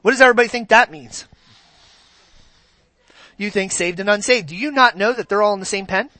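A man's voice: high-pitched, fairly quick, sharp tone, dry recording. A man preaching a sermon in a conversational way, often asking his congregation questions.

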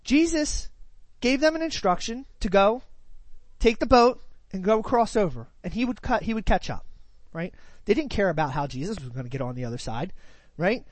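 A woman's voice: mid-range voice, lively intonation, moderate pace, no echo. A woman preaching, who retells a scripture passage and then teaches it in a conversational way, full of rhetorical questions and "right?" tags.

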